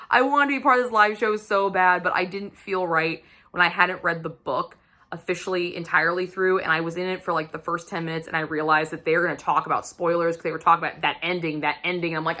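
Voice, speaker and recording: A woman book vlogger giving a casual weekly reading update, excitable and gushing, swearing freely as she talks. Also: lowish voice, fast talker.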